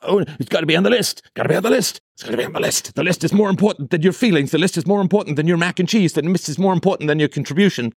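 A man's voice: on the high side, expressive, very fast, few pauses, husky, no echo, clean studio sound, pitched above the performer's own voice. A man putting on the voice of a fussy, rule-bound parent obsessed with a shopping list, in a mocking singsong that repeats itself.

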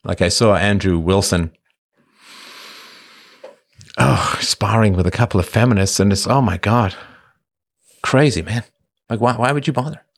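A man's voice: fairly low pitch, moderate pace, long pauses. Wry man hosting a livestream. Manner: wry, self-mocking, animated. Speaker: show host reading chat. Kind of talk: casual livestream talk.

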